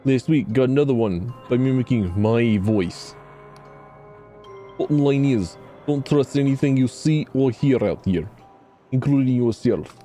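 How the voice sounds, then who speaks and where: Gruff menacing Scottish camp leader, male, bossy and curt, voiced by a man. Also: medium pitch, animated, a little slow, warm tone, faint music behind, pitched above the performer's own voice, lightly acted. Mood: grim. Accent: put-on Scottish. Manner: stern, threatening, clipped.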